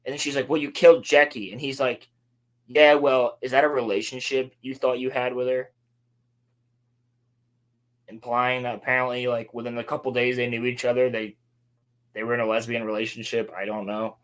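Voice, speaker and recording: A podcast co-host with a medium-pitched, flat delivery casually recaps a show. He's sarcastic, mocking the characters in quick put-on lines.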